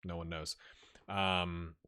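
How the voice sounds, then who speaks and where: Excitable man with a bright low voice. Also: slow pace, clean tone. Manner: excitable, talks to players in the game, loud outbursts when goals come; slangy and joking, trails off into mumbles. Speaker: gaming channel host. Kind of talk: let's-play game commentary.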